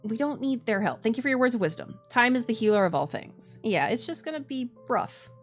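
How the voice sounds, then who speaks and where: A woman's voice: on the high side, sing-song, fairly quick, soft background music. A woman streamer chatting casually while playing a game, restarting her sentences and laughing often. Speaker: VTuber streamer. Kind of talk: casual gaming commentary.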